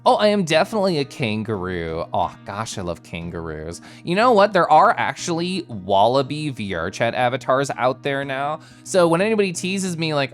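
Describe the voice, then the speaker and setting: A man's voice: mid-range voice, sing-song, normal speed, soft background music. A man streaming live, chatting casually and greeting viewers by name in a bubbly, giggly way. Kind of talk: casual chat reading viewer messages.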